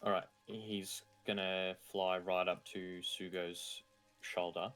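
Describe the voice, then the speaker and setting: An Australian man playing a tabletop game, talking in a relaxed, low-key way. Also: slow pace, soft background music. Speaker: player.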